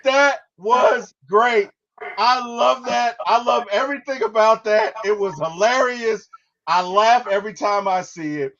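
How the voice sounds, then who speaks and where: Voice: mid-range voice, a little slow, a bit bright, dull audio. A podcast host reviewing a movie, enthusiastic, laughing often and trailing off in restarts.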